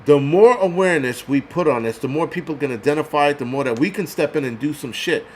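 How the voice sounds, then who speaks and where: A man's voice: on the high side, quick pace, a little mellow. A man hosting a livestream, ranting in an angry, profane, heated way and stumbling over repeated words when worked up. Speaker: host of a prepping channel. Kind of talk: livestream rant.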